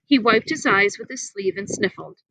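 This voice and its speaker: A woman reading a children's novel aloud outdoors in the wind, animated and giving the characters voices. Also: mid-range voice, moderate pace, creaky, rough recording. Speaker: reader. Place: outdoors, windy.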